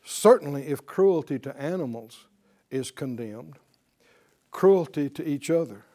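A man delivers a sermon to a live gathering. His voice sits high and leaps up and down as he preaches with animation. He keeps pressing the audience with questions to draw out their answers. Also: a little slow. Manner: animated, asks the audience questions for call-and-response. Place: teaching before a live audience.

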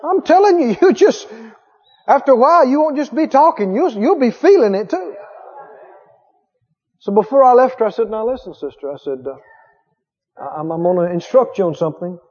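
A man preaching a sermon in a church hall, emphatic, with repeated phrases and drawn-out stresses, recorded on dull lo-fi tape. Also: very high voice, very animated, a little mellow, breathy edge.

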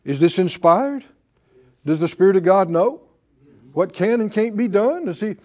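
A man's voice: high voice, expressive, normal speed, mellow. A man preaching a sermon as pastor, drawing responses from the congregation with rhetorical questions and repeated key phrases.

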